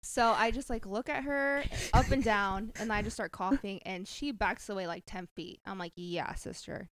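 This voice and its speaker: A woman's voice: medium pitch, moderate pace, a bit bright, a little hiss or hum. A young woman as a podcast guest in casual chat, sassy and blunt with lots of slang. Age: young adult.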